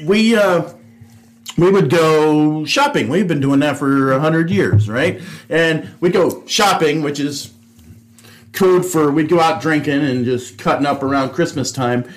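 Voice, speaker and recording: A man's voice: on the high side, unhurried, slight background noise. A man co-hosting a podcast, a former police officer, chiming in with short wry asides and remarks. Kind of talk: casual chat.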